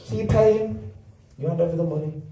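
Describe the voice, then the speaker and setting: A man in his twenties from England works through a stand-up set in a deadpan, self-deprecating way, his fairly high voice leaping up on the punchlines. The sound is echoey and a little distant from the mic, the way a small venue sounds when he stands back from it. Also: brisk. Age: 20s. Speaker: stand-up comedian. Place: comedy venue with a live audience. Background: audience laughter.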